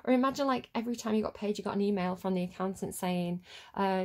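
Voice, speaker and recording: A woman's voice: mid-range voice, fairly even intonation, fast talker, darkish tone. A woman giving a casual tarot reading, rambling and chatty as she drifts off on tangents. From United Kingdom. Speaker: tarot reader.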